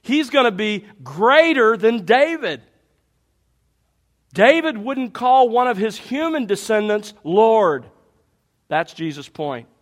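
A man's voice: sits high, big pitch swings, takes it slowly. A man preaching an expository sermon, reading scripture aloud and pressing the congregation with rhetorical questions. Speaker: pastor.

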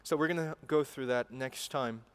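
A man's voice: medium pitch, normal speed, clean tone. A man preaching a sermon in an earnest way, repeating phrases and building to emphatic passion.

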